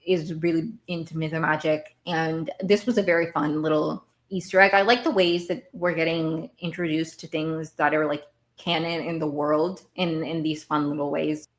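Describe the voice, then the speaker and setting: In a casual TV recap, a woman hosting a podcast talks at a normal speed in a slightly low voice. Her delivery is loose and animated, and she circles back over words while figuring out what she means.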